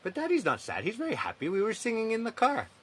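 Gentle, lively-voiced podcast host dad. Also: male voice, high-pitched, quick pace, slightly rough. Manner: gentle, patient, affectionate with his toddler. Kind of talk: casual interview podcast.

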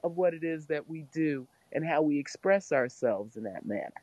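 A podcast co-host speaking in a measured, reflective way during a casual chat. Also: medium pitch, animated, a little mellow, no echo.

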